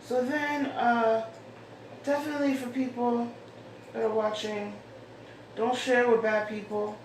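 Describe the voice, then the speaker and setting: Unhurried and fairly even in intonation, a woman with a highish voice hosts her own show and reads out letters she's received. She's chatty and rambling, musing aloud. The mic sits far away in an echoey room, picking up faint hiss.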